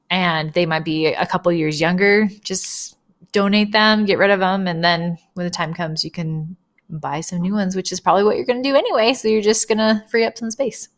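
A woman's voice: mid-range voice, a bit bright. Chatty woman podcast co-host. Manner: laughs often, chatty. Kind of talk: casual chat.

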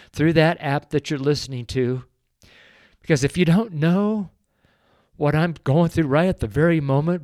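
A man's voice: on the high side, darkish tone, no echo, clean studio sound. A middle-aged man hosting a devotional podcast, praying and sharing testimony in an earnest, emotional way, choked up with tears. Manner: emotional, tearful, slow and earnest. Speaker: podcast host.

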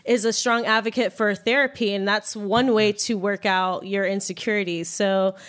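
A woman's voice: medium pitch, steady tone, normal speed, a bit bright. A woman from the audience giving her view at a live podcast, speaking thoughtfully and evenly with a few fillers. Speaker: audience member guest.

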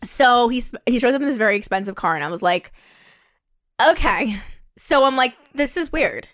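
A young woman casually telling a dating story on a podcast, acting out the voices with lively quotes and the occasional swear. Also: normal speed, dry recording, clean studio sound. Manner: animated, acts out quotes with a higher pitch, swears, laughs.

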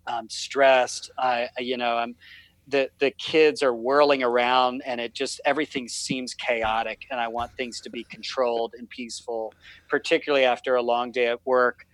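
A man's voice: mid-range voice, flat delivery, moderate pace, a bit bright, dry recording, low-quality recording. A man talking on a podcast, telling a fatherhood story in a rambling, self-deprecating way with many restarts. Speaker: podcast guest, fatherhood writer. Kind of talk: casual podcast conversation.

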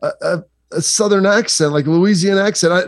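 A man's voice: sits high, a little fast, dry recording. Chatty man with a dry close sound. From Southeastern Ohio, USA. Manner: rambling, chatty, lots of fillers. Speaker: sports analyst guest. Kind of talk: casual sports talk.

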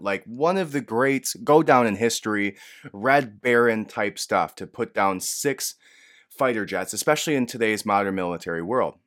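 Animated, profane man commenting on news. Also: fairly low pitch, normal speed. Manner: animated, profane, swings from hushed to loud. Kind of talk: casual commentary.

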